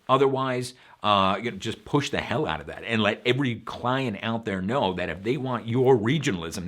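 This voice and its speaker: Frank, low-voiced host with a faint Long Island accent. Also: male voice, fairly bright tone. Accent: slight Long Island New York. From Long Island, New York. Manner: frank, conversational, many fillers. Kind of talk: casual advice talk.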